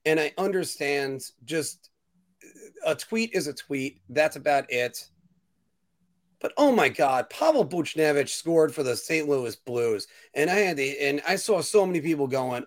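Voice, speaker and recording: A man hosting a casual sports talk show, ranting opinions in an animated way. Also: on the high side, unhurried. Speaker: podcast host.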